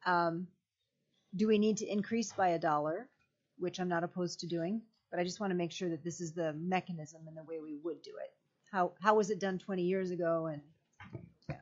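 A woman legislator with a slightly low voice poses her questions politely and a little tentatively in a committee hearing. Her voice comes through muffled, lo-fi audio. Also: fairly even intonation, a little fast, darkish tone.

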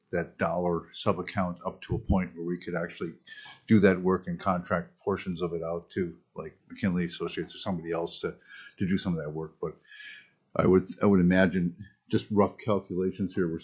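A very low, husky-voiced man answers questions before a committee in a measured, explanatory way. He is a state fisheries commissioner testifying in a hearing room. The audio is muffled and lo-fi. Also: darkish tone.

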